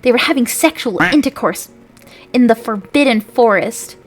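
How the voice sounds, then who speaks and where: A woman voicing a furious old male headmaster, shouting loudly in a comedic dramatic reading. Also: a little high, expressive, normal speed, faint music behind. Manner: loud shouting.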